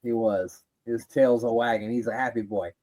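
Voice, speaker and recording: A man's voice: medium pitch, normal speed, rough recording. A young man co-hosting a podcast, chatting casually and laughing a lot while watching wrestling. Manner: laughing, joking, animated with crude impressions. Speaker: podcast co-host.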